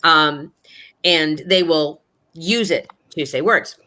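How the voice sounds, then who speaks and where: Woman guest, casual ghost-story teller, lowish bright tone, earnest and rambling. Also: slow pace. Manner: rambling, filler-heavy, earnest.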